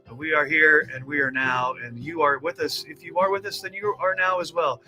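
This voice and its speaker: A man's voice: on the high side, steady tone, brisk, sharp tone, faint music behind. A man co-hosting a live stream show, talking in an upbeat, playful and chatty way.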